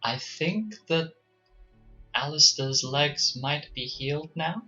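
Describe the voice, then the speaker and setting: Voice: medium pitch, slow, sharp tone, soft background music. A game master voicing a flustered, embarrassed young man who stammers through an awkward question. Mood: nervous. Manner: hesitant, full of ums and stammers. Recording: dull lo-fi mic.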